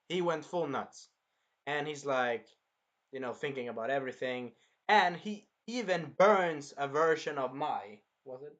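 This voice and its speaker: A man co-hosting a casual review chat, excitable and breaking into shouted impressions of scenes. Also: mid-range voice, normal speed, muffled recording. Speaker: anime review co-host.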